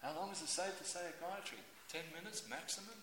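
A man preaching a sermon in a lively, theatrical way, acting out everyday scenes with voices. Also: high voice, fast talker, background noise. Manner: animated, acts out scenes with voices. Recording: echoey hall.

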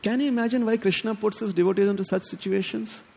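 A man giving a sermon, telling a devotional story in an animated way and acting out the characters' lines. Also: sits high, fast, vocal fry, breathy edge. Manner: animated, quotes characters in lively tones, chuckles often. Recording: long hall reverb.

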